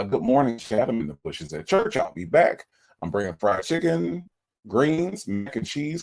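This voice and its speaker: Male livestream host, low voice, lively sing-song delivery, reads chat and greets viewers. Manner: greets viewers one by one and reads their chat comments aloud. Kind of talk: casual livestream chat reading.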